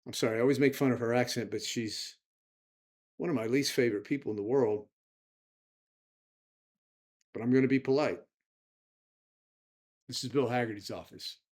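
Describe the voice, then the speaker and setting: A man's voice: medium pitch, moderate pace, pauses often, a little mellow. A man hosting his own video, giving indignant, chatty political commentary straight to his viewers. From United States. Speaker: vlog host. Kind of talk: casual political commentary to camera.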